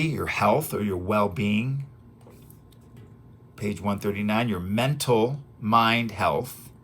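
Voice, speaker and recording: A man's voice: on the low side, fairly bright tone. A man recording an audio lesson, reading through his self-help book and explaining it in a chatty, repetitive way, often checking in with "right?" and "okay?". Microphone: audio-only recording.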